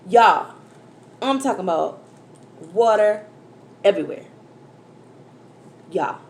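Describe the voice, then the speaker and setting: A woman food vlogger, mother of a school-age daughter, eats while animatedly telling her viewers a story in a casual chat, exclaiming and calling them "y'all." Her voice is mid-range and she takes her time. The room is echoey with faint background noise.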